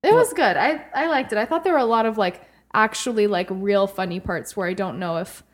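A woman chatting casually as co-host, talkative and giggly. She strings her thoughts together with a steady stream of filler words. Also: medium pitch, brisk. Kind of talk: casual chat.

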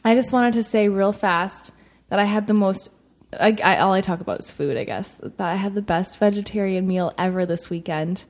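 A woman's voice: medium pitch, normal speed, a little mellow. A woman co-hosting a podcast, telling everyday stories in a chatty way with lots of fillers. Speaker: podcast co-host. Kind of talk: casual chat.

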